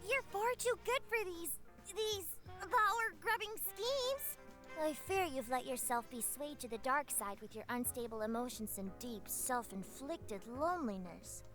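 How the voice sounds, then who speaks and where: A tiny, prim pixie with a high, bright voice that swoops up and down, lecturing in lofty, theatrical tones, as a woman puts her on. She preaches and scolds like a self-appointed guide in a storybook game. Faint music plays underneath. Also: animated, measured pace. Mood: preachy. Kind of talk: dramatic reading of a visual novel.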